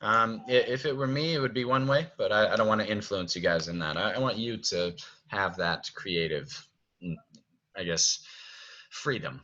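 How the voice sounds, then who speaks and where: A man's voice: lowish voice, normal speed, sharp tone, muffled recording. A man directing a show, explaining stage blocking in a friendly way and thinking aloud. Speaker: theater director.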